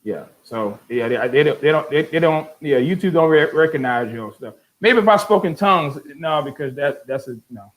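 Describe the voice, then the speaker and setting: An older man hosting a show, reading online comments aloud and answering them with exasperated sarcasm. He keeps repeating words in quick restarts. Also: medium pitch, low-quality recording. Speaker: host.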